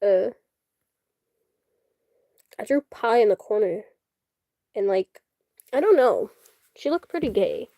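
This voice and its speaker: Giggly sick young woman, slow talk. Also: medium pitch, animated, dark tone, no room sound, clean studio sound. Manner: giggly, laughs often, self-mocking. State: sick, sniffling. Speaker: artist showing her drawings. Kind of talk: casual chat while drawing.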